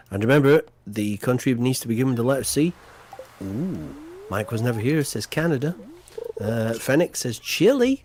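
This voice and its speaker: A man's voice: medium pitch, lively intonation, a little slow, a little mellow, a little hiss or hum. Playful man hosting a stream quiz. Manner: playful, mock-grand announcer flourishes. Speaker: quiz host on a game livestream. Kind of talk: casual livestream chat, quiz hosting.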